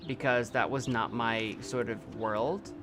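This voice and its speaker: A young man chats his way through a video game on a live stream, rambling and answering his viewers. His voice sits at a middle pitch. Faint game music plays behind him. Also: steady tone, a little slow. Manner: rambling, chatty, talks back at the screen and chat. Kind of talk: live gameplay commentary.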